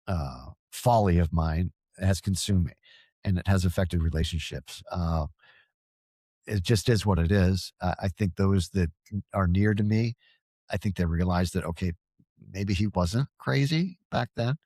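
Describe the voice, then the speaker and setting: Talking casually as a guest on a podcast, a male paranormal field researcher rambles with earnest energy, stammering and restarting often. The voice sits low and runs a little slow, warm in tone and slightly rough, with no echo.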